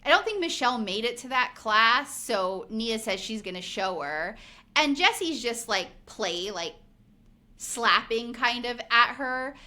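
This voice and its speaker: A podcast co-host in her forties has a slightly high, sharp, animated voice and speaks a little slowly. In a casual recap chat, she acts out quotes and leans heavily on "like" as filler.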